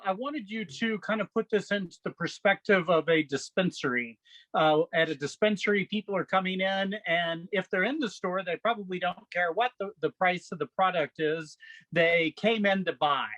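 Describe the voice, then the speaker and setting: A man's voice: high-pitched, normal speed, a bit bright, no room sound. A man asking a hesitant question from the audience over a video call. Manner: hesitant, filler-heavy questioning.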